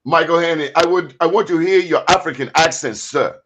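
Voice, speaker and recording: A man's voice: a little high, fairly quick, a loud crowd. A male talk show host who jokingly cuts in on his guests.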